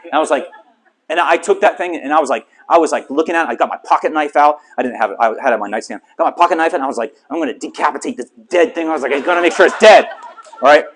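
A middle-aged man preaching a sermon, telling a story with lively, self-mocking humor to a small congregation. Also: fairly high pitch, rapid-fire, slight background noise. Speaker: pastor.

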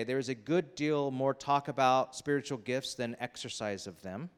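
A man preaching a sermon in a large hall, his voice trailing off into a long reverb. He talks casually and with energy, acting out quotes and characters with quick asides to the congregation. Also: mid-range voice. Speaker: pastor.

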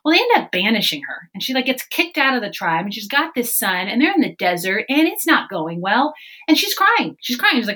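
Animated woman talking faith. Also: mid-range voice, moderate pace, low-quality recording. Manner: animated, acts out quoted voices. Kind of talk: casual faith podcast chat.

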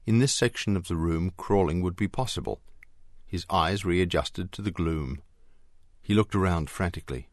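A man reading an audiobook in a measured, expressive scripted narration. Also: low-pitched, no echo, clean studio sound.

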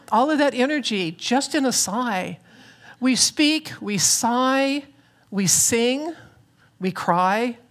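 A woman minister giving a reflective, earnest sermon with touches of light humor, speaking from a church platform. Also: a little high. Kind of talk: spiritual sermon.

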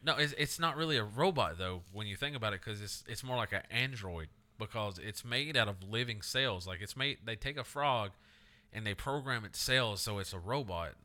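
Young guy on a podcast, super bright crisp voice, loose storytelling. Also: on the low side, lively intonation, normal speed. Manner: storytelling, swearing, acts out quoted voices. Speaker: podcast co-host. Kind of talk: casual chat.

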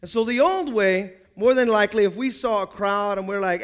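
A man with a notably high voice preaches to his church, calling out for the congregation to repeat words after him. He slips into quoted voices to act out everyday scenes, then drops back into his preaching. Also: a little fast, hardly any pauses, a bit bright. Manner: call-and-response preaching, acting out people in quoted voices. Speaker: pastor. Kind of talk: sermon.

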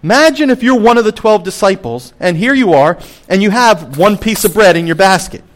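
A middle-aged pastor preaching a sermon in a slightly high voice. He moves between emphatic, lifted phrases and quiet, lowered ones. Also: brisk. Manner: expressive, swings between emphatic and hushed.

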